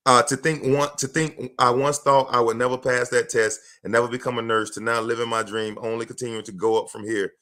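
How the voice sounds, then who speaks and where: A man giving a live motivational talk, emphatic and preachy, repeating his lines for effect and breaking into loud bursts of fervor. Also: medium pitch, flat delivery, a little fast, hardly any pauses. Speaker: motivational speaker. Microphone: livestream microphone.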